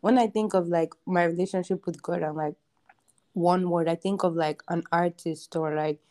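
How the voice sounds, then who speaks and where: A young woman speaks as a podcast guest in a mellow, warm, low voice. She thinks out loud in an easygoing way and scatters fillers through her sentences. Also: normal speed. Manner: relaxed, reflective, filler-heavy. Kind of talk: casual chat.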